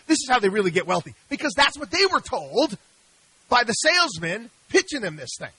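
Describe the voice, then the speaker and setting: A middle-aged man hosts a radio talk show from a studio, his voice high and bright as he argues in an exasperated, animated way. He keeps stumbling, repeating himself and restarting his sentences. The sound is close and dry, with no room in it. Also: fairly quick, breathy edge, no room sound, low-quality recording. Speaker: radio show host, investment advisor.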